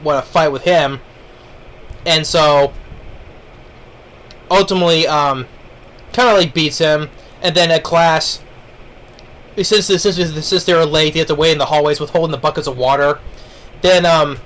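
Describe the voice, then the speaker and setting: A man's voice: on the high side, fairly bright tone. A man giving a casual spoken review of an anime, rambling along with lots of fillers and restarts. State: eating while talking.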